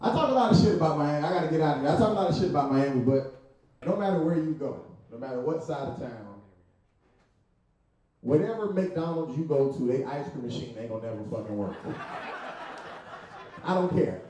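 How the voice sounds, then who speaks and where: A man doing a stand-up set on a club stage, brash and profane, jumping into loud voices for his stories. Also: animated, a little fast, pauses often, distant mic. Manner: brash, profane, acts out voices with big pitch jumps. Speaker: stand-up comedian. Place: comedy venue stage. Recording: roomy echo, mic from afar.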